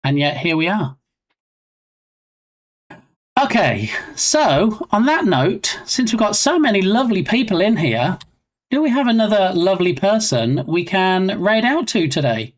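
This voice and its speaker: A man's voice: high-pitched, big pitch swings, normal speed. A man chatting casually on a live game development stream, rambling and self-mocking.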